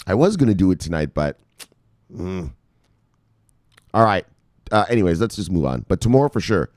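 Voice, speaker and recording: A man hosting a casual crypto news live stream, reading out viewer names with loud shout-outs, swearing freely and rambling in a chatty way. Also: sits low, normal speed, pauses often, no echo, studio quality. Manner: animated, swears freely, shouts "bang" at each name. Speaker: crypto news show host.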